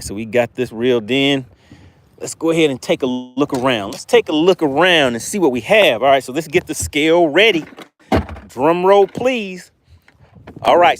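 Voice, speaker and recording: A man's voice: fairly high pitch, slight background noise. A man with a Southern accent hosting a fishing livestream, chatting upbeat with viewers and reading out their comments. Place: outdoors fishing.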